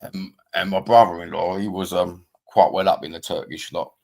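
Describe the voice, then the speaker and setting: Gravelly low-voiced man in his fifties. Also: fairly even intonation, moderate pace, a little mellow. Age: 50s. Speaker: livestream host. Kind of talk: casual livestream chat reading viewer comments.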